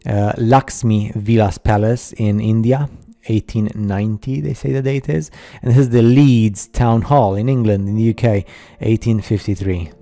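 Guy narrating a slideshow, super mellow dark voice, halting, lots of ums, kinda skeptical. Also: fairly low pitch, fairly even intonation. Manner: halting, skeptical, many fillers. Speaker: video narrator. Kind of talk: casual voice-over over slideshow.

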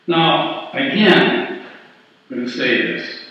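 Male pastor, unhurried storytelling sermon, distant mic in a reverberant sanctuary. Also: a little high, animated, muffled recording. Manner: storytelling, acts out the characters' lines. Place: church sanctuary.

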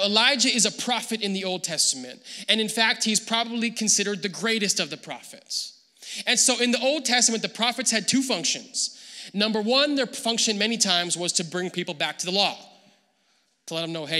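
Male pastor, high bright voice, animated sermon, long hall reverb. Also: moderate pace. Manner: animated, acts out quoted voices. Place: church hall.

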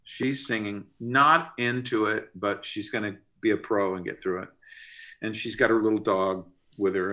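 A middle-aged man, a record producer, telling an animated story in a casual interview. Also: fairly low pitch. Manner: animated, expressive, pushes to sudden bursts. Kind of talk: storytelling anecdote in casual conversation.

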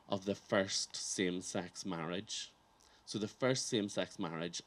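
A man speaks earnestly at an outdoor ceremony, his voice sitting a little low. He is reflective and sincere, and he builds his points with rhetorical questions. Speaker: campaign organiser giving a speech. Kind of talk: public ceremony speech.

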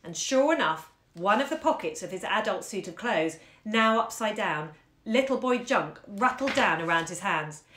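A woman's voice: mid-range voice, normal speed. Woman reading a story aloud in an echoey room. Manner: animated, acts out the story's action. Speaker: bookshop host reading a short story aloud. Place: room at home. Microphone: phone on a live stream. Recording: roomy echo.

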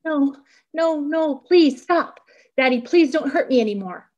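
A woman's voice: sits high, lively intonation, a little slow, a little mellow, highs cut off, pitched above the performer's own voice. A woman reading aloud, voicing a mother who has regressed into a frightened little child with a tiny, lisping baby voice. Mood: pleading. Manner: pleading.

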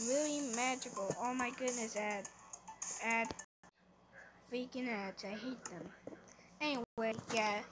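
A young woman narrates her game in a relaxed, unhurried way, chatting to the creatures on screen and getting flustered easily. Her voice sits a little high. Steady background noise runs under the home recording. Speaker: gamer. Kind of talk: casual gameplay commentary.

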